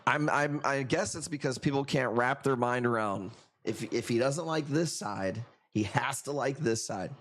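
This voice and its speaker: With a mid-range, slightly bright voice at a moderate pace, this man runs a live coral auction stream. His casual sales chat with viewers rambles along, peppered with jokes and swearing.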